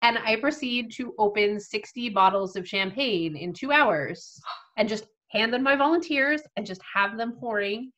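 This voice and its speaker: A woman guest telling a story in a casual chat, lively and acting out what people said. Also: a little high, normal speed. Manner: lively, acts out quoted people, frequent "like" fillers.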